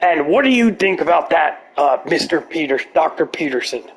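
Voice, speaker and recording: A man impersonating an excitable, salesy conspiracy radio host who talks fast and rambles in a blustering way. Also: a little high, husky. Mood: ranting.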